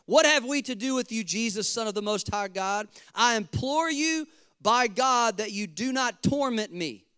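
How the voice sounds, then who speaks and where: A man's voice: very high voice, lively intonation, moderate pace, bright, forceful tone, clear, resonant tone, pitched above the performer's own voice, heavily acted. A male preacher voicing a fearful, desperate male demon begging for mercy. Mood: pleading.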